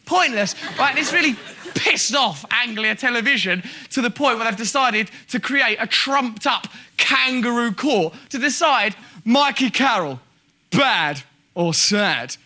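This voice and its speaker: A man hosting a comedy show, delivering a mocking, animated monologue to a live audience. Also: extremely high pitch. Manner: animated, mocking, rapid asides. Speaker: comedy host.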